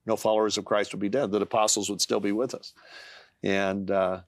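A middle-aged man, a guest author, earnestly tells a personal faith story in an interview, often halting with fillers and restarts. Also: fairly low pitch, level tone, no room sound, clean studio sound. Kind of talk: testimony in a talk-show interview.

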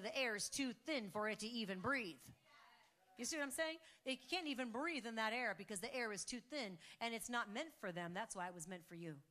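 A woman preaching a fervent sermon, shifting between soaring exclamations and hushed, intense passages. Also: mid-range voice.

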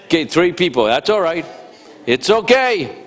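A man preaching a sermon, animated and conversational, rising to shouts for emphasis and talking directly to the congregation. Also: fairly high pitch, moderate pace. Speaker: pastor. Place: church sanctuary. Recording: long reverb of a church hall.

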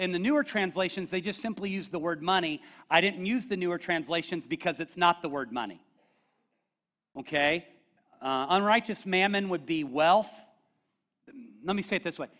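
A man's voice: high voice, a bit bright. A middle-aged man preaching a conversational sermon as pastor, joking with the congregation and often checking in with "okay?".

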